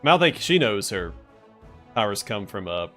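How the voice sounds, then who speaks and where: A man with a low voice talks through a role-playing game on stream, musing aloud and pausing with fillers as he decides. His pitch swings widely, lively rather than flat, with soft music underneath. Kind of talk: casual gameplay commentary.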